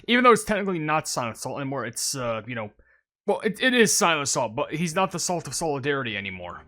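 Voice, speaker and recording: A young man giving chatty, excitable commentary while playing a game and reading viewer comments. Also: fairly high pitch, fast. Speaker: gaming YouTuber. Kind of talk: casual gameplay commentary. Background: game music.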